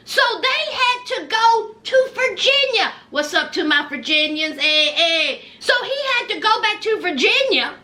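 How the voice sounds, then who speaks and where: A woman giving sassy, animated casual commentary on a reality show, with folksy asides. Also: very high-pitched, measured pace, hardly any pauses.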